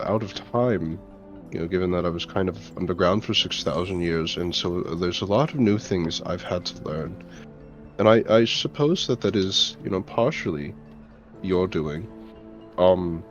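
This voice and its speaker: A man voicing an ancient male hero who speaks earnestly and halting, searching for words. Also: low-pitched. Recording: dull lo-fi audio, faint music.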